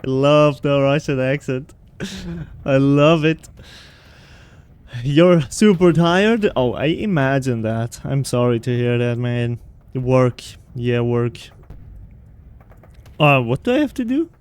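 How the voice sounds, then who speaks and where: Slow-talking chatty male streamer. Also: mid-range voice, expressive, a little mellow, smooth. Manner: rambling, chatty, often laughing. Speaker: game streamer. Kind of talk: casual gameplay chat.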